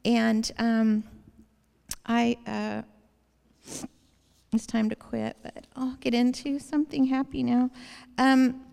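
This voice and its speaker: A woman's voice: fairly high pitch, flat delivery, takes it slowly, vocal fry, pauses often, dark tone. A woman giving a personal faith testimony to an audience, telling her story in an earnest, rambling way in a large hall. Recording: long hall reverb.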